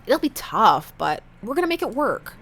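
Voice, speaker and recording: A woman's voice: fairly high pitch, big pitch swings, moderate pace, fairly bright tone, slightly rough, heavily acted. A woman voicing a doting, goofy single dad in a video game, reading his lines playfully in her own voice. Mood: proud. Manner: playful, proud, teasing. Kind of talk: voicing a game character aloud.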